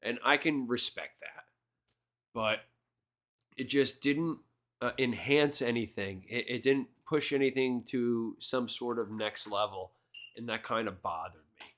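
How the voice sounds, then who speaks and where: A man co-hosting a podcast, chatting through movie commentary in a halting way, full of fillers and restarts. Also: mid-range voice, fairly bright tone. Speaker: podcast co-host. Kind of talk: casual movie commentary chat.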